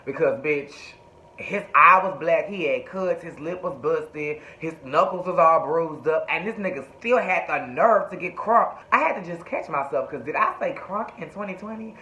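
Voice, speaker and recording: A sassy, chatty man recaps a TV show, cursing freely. His voice is fairly high and bright and tense. It sounds dull and lo-fi in an echoey room. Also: expressive, normal speed. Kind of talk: casual TV recap.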